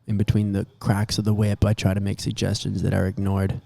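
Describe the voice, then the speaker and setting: A man's voice: lowish voice, monotone, fairly quick, gravelly, mellow. A man in a band, talking casually backstage with wry, self-deprecating humor. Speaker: band member.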